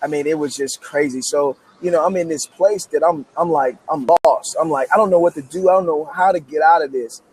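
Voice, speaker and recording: A man in his thirties from Memphis tells his story with keyed-up, emphatic energy, often restarting his sentences. His voice sits a little high for a man, and a faint hum of ambience stays behind him. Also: brisk, few pauses, darkish tone. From Memphis, United States. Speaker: guest author. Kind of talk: animated storytelling interview.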